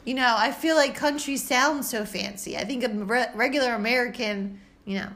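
Rambling, giggly squirrel co-host with a high voice, played by a woman. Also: moderate pace, fairly bright tone, lightly acted. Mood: chatty. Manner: rambling, giggly, lots of fillers. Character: chatty squirrel podcast host, bossy do-gooder. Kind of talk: improvised comedy podcast.

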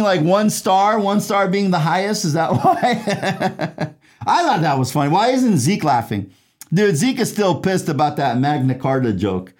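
A man's voice: high voice, darkish tone. A man who hosts a casual show as an attorney, chatty and jokey, laughing at his own dad jokes. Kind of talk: casual legal commentary.

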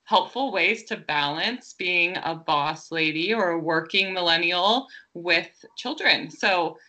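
A woman's voice: lowish voice, slow pace, sharp tone. A woman in her thirties, a podcast co-host, chatting casually and laughing often. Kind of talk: casual chat.

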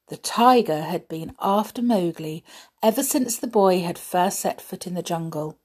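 A middle-aged woman, a mother, reading a children's story aloud in a gentle, chatty way. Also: fairly low pitch, expressive, normal speed, husky. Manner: gentle, chatty, with soft laughs.

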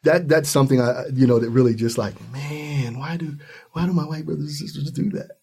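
Husky-voiced Midwestern man, earnest. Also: fairly quick. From Ohio, US Midwest. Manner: earnest, animated storytelling, acts out high-pitched quoted voices. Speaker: interview guest. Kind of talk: conversational interview.

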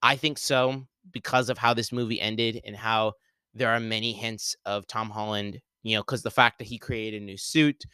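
Rambling young man, smooth and dry. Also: fairly low pitch, fairly even intonation, normal speed, sharp tone, no room sound. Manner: rambling, lots of "like" and restarts. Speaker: podcast host. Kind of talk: casual solo spoiler talk.

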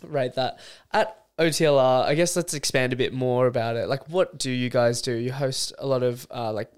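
A podcast host speaks with a smooth, clear voice at a middle pitch. He is enthusiastic and casual, swears freely, and rattles off his points in quick bursts. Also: steady tone.

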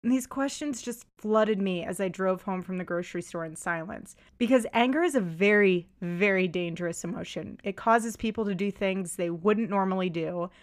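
Woman young podcast host, animated storyteller, faith reflection, mid pitch. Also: normal speed, few pauses. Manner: animated retelling, voices rise for quoted lines. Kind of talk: storytelling monologue, Christian reflection.

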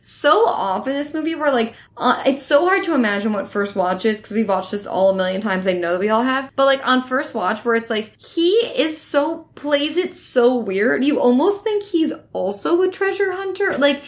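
High-voiced woman in emphatic banter. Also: expressive, moderate pace, few pauses. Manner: emphatic, profane, enthusiastic banter. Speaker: podcast co-host. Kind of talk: casual movie chat.

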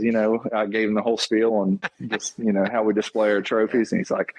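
A taxidermist in his thirties, appearing as an interview guest, rambles loosely through his stories and says "man" and "you know" a lot. His lowish voice is flat and fast with few pauses, recorded without room sound as dull lo-fi podcast audio.

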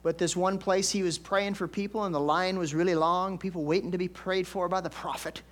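A man's voice: sits high, steady tone, brisk. An older man, a pastor, preaching a conversational storytelling sermon with folksy asides and emphatic swells.

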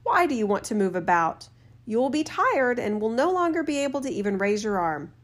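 A woman voicing a worried old woodcutter father in a storybook reading, speaking slowly in a lowered voice. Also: big pitch swings. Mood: cautioning. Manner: slow, lower, cautioning.

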